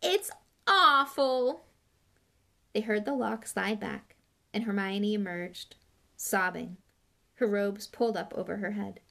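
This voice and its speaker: Gravelly-voiced woman reading a novel aloud. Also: medium pitch, little pitch movement, measured pace. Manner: plain reading with small slips and restarts. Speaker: audiobook reader.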